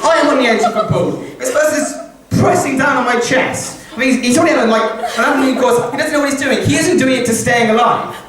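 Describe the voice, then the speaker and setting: A man's voice: extremely high pitch, fast, a crowd in the background. A young man compering a stand-up comedy show, telling rambling, self-mocking stories into a handheld mic. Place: live comedy show in a campus venue. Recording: echoey room from a distance with audience. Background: audience laughter.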